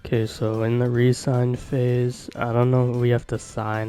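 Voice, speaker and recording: A man hosting a video game channel, giving chatty, excitable commentary and talking to his viewers in slang. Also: mid-range voice, moderate pace, faint music behind, poor audio. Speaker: gaming video host.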